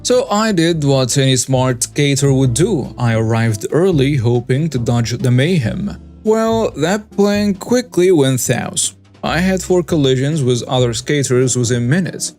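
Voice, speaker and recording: A man narrating first-person stories as the host of a story channel, reading in a steady scripted way. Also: mid-range voice.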